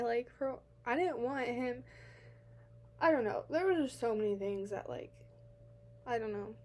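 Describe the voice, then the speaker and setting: A young woman telling a personal account to camera, halting and teary-eyed, full of filler words, swinging between quiet and loud. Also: on the high side. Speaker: vlogger.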